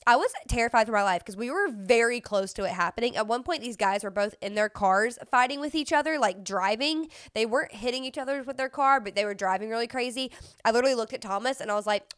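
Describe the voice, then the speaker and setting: A woman's voice: a little high, fast talker, clear, resonant tone, no room sound, clean studio sound. Chatty young woman with a sniffle. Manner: chatty, sniffly, filler-heavy storytelling. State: runny nose, sniffling. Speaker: podcast host. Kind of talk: casual chat.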